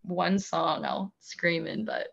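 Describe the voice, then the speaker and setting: A woman's voice: lowish voice, big pitch swings, slow pace, creaky, crowd noise. Chatty woman, lo-fi sound. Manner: chatty, many "like" fillers, laughs often. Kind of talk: casual chat.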